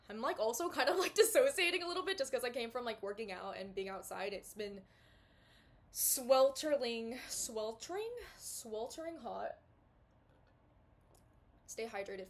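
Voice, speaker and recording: A woman's voice: mid-range voice, slight background noise. A woman in her twenties hosting a podcast from her bedroom, chatting casually with lots of fillers and side tangents on a small mic. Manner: chatty, rambling, full of fillers and asides. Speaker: podcast host. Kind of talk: casual talking-to-camera chat. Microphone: small clip-on mic.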